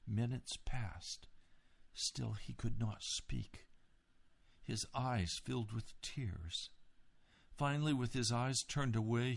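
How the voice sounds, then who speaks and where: Gravelly male audiobook narrator. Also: fairly low pitch. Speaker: audiobook reader. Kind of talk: scripted memoir narration.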